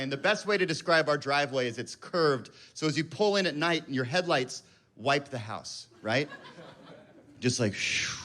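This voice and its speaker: Self-mocking comic in his thirties. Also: mid-range voice. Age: 30s. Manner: self-mocking, animated storytelling. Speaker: stand-up comedian. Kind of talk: stand-up storytelling. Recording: live club with audience laughter. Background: audience laughter.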